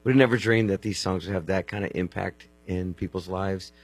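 Guy in his 50s, deep husky voice, telling his story earnest and rambly. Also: fairly even intonation, brisk. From Texas. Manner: earnest, restarts mid-phrase. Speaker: worship musician guest. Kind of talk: casual storytelling.

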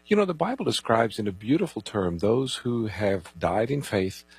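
Bible radio co-host, man, low husky voice that moves around a lot, calm, takes the calls. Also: moderate pace, dry recording, faint music behind, rough recording. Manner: calm, reassuring, gives phone numbers and takes calls. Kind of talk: radio call-in Bible answers.

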